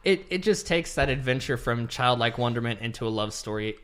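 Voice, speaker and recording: A young man co-hosting a casual podcast, retelling a film plot in animated detail and acting out the characters' lines. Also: mid-range voice, brisk, clean tone. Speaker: podcast co-host reviewing a movie.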